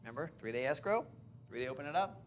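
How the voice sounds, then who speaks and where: Animated male instructor telling a story. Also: a little high, quick pace, slight background noise. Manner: animated storyteller, acts out quoted dialogue. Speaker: real estate course instructor. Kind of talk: storytelling to a seminar audience.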